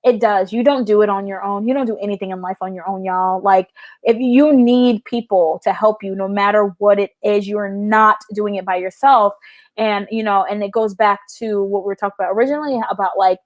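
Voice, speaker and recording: A woman's voice: medium pitch, steady tone, brisk, dry recording. A woman in her thirties chatting casually as an interview guest, frank and full of "like", swearing now and then. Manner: chatty, fills every sentence with "like". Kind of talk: casual storytelling chat.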